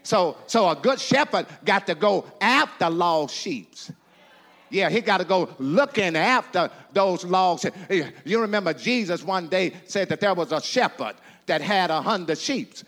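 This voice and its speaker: A pastor delivering a sermon, calling out questions to the congregation and repeating phrases in a rhythmic preaching style. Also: male voice, high-pitched, lively intonation, unhurried, a bit bright, in a large hall. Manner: call-and-response preaching with rhythmic repetition.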